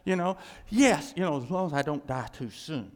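Male pastor mid-sermon, high and lively pitch, animated with hushed asides, church hall reverb. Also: moderate pace. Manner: animated preaching, acting out quoted voices, hushed asides.

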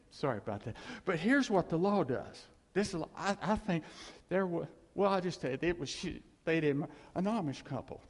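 Male pastor, high voice, rambling conversational sermon, echoing church hall. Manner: conversational, rambling, with sudden loud rises.

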